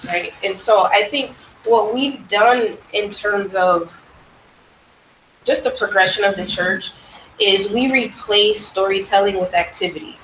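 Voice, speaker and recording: A woman's voice: mid-range voice, a bit bright, a little hiss or hum. Thoughtful woman commenting in class. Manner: thoughtful, measured, with fillers. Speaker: class member. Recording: roomy room, faint ambience.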